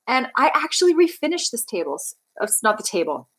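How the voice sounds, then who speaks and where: A woman's voice: fairly high pitch, big pitch swings, fast, a bit bright, breathy edge, poor audio. A young woman from Canada chatting casually on a livestream, bubbly and rambling as she reads out viewer comments. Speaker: livestream host.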